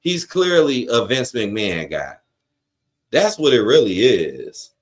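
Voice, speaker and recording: Dude ranting live on stream, voice swings up and down a lot, cussing, reading chat. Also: male voice, medium pitch, big pitch swings, slow. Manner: frustrated, profane ranting, reads chat aloud. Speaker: wrestling watch-along streamer. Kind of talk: live-stream reaction rant.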